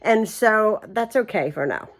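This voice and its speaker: A woman's voice: medium pitch, expressive, a little slow. A middle-aged woman chatting casually to her camera at home, with lots of ums and easy laughter. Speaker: home vlogger. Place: guest room of an old house. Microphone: camera held by her.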